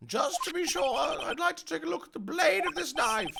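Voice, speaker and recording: A man voicing a fussy, high-voiced older male judge in a squeaky voice, reading a game aloud. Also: animated, fairly quick, creaky, very noisy, heavily acted. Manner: squeaky, says bonk for his gavel.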